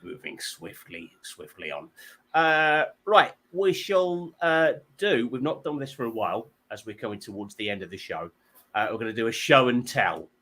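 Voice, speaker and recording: Bright, animated male comedy host. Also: medium pitch, normal speed. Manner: rambling, self-deprecating storytelling with stammered restarts. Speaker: comedy panel show host. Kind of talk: hosting a comedy panel show.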